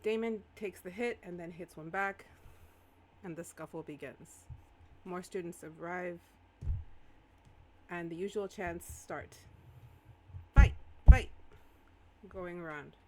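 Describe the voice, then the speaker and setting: A woman game master narrating a live-streamed tabletop role-playing game, animated and exclaiming often. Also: lowish voice, a little slow, long pauses, slight background noise.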